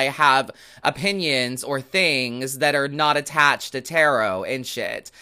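A man hosting a tarot podcast, talking in a casual, animated, sarcastic rant full of swearing. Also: medium pitch, unhurried, hardly any pauses, clean tone. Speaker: tarot reader and podcast host. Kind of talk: casual ranting chat.

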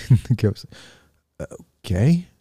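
Low-voiced man telling a story. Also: expressive, moderate pace, a little mellow, no echo, clean studio sound. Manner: storytelling with many fillers and restarts. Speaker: podcast host. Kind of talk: casual spiritual reflection.

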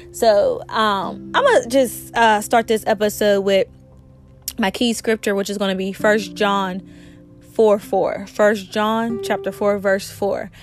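A woman hosting a faith talk show, sounding a little sick and speaking earnestly and conversationally. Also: medium pitch. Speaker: podcast host.

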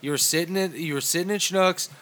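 Guy in his 30s hosting a podcast, cursing and laughing, kinda high voice, noisy background. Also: normal speed, a bit bright. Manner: profane, laughing banter. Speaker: podcast host. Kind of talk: casual chat.

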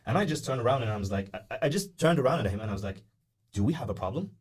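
A man's voice: medium pitch, rapid-fire, breathy edge. A young man telling a long story in a casual podcast chat, acting out the voices of people in it, with lots of "uh" and "like" fillers. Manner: animated, acts out the voices of people in his story; many "uh" and "like" fillers. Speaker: podcast guest.

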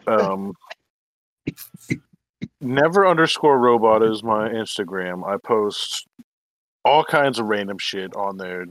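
A man's voice: on the low side, lively intonation, takes it slowly, pauses often, fairly bright tone, no room sound. A man chatting casually on a podcast, laid-back and rambling, swearing freely. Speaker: podcast guest.

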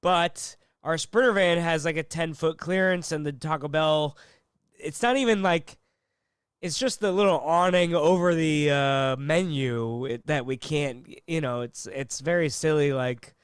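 A man with a fairly high, smooth, clear voice telling a long, meandering story in casual chat. He keeps stopping to add fillers and act out what people said. The sound is dry and close. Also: measured pace, no echo. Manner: rambling, full of fillers and acted-out quotes. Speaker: comedian.

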